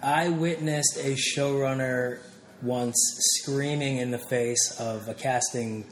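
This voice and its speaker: Male interview guest, candid and rambling, mid pitch, roomy room with slight hiss. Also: steady tone, slow. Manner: candid, laughing, with many fillers and restarts. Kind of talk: casual interview chat.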